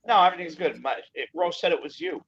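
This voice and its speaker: A man's voice: a little high, lively intonation, quick pace, creaky, crowd noise. Insistent man on a muffled call line. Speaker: caller. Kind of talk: casual group voice chat. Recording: muffled online call audio.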